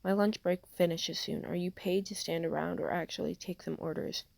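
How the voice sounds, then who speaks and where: A woman's voice: on the low side, fairly even intonation, normal speed, gravelly, a little mellow, no room sound. A woman reading a rude, impatient businessman. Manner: curt and demanding.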